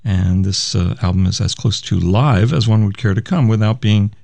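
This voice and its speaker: A low-voiced man with a gravelly edge talks casually on a music radio show. He thinks aloud and wanders as he reads album notes. The sound is dry and close. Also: steady tone, moderate pace, a little mellow, no room sound. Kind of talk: casual chat about music records.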